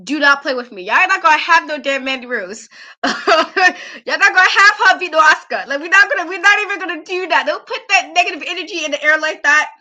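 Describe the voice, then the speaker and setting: A woman's voice: sits high, fairly quick, bright, forceful tone. A woman hosting a wrestling talk show, giving casual, opinionated commentary in an emphatic, ranting way and laughing often.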